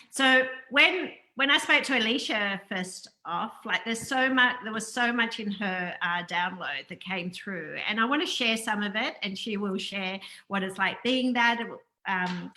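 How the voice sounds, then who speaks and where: A woman hosting a spiritual interview in an earnest, affirming way, often circling back to the same phrases. Her voice is bright and forward, at a middle pitch. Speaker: host. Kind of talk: spiritual interview, scripted intro.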